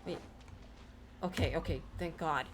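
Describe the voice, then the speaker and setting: A woman streaming a video game, reacting excitedly and swearing freely as she plays. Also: deep voice, measured pace, a little hiss or hum. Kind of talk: casual gameplay commentary.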